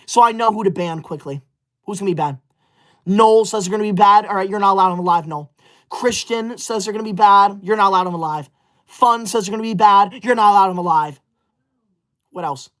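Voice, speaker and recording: A man's voice: sits high, fairly bright tone. A man doing a prissy teacher's-pet streamer. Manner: indignant, scolding, easily outraged. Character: prissy self-righteous schoolboy livestreamer, teacher's pet. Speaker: comedy sketch creator. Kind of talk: comedic character sketch.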